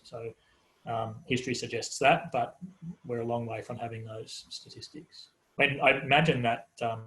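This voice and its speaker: A man's voice: medium pitch, a bit bright, rough recording. A man giving a hesitant, filler-heavy answer as a panel speaker in a webinar. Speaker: panel speaker on population data.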